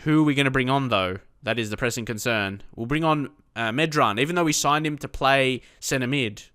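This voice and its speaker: A young man chatting through live gameplay, talking to himself and his viewers and erupting in frustrated shouts at his players. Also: mid-range voice, fairly quick, smooth, no echo, studio quality. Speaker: gaming YouTuber.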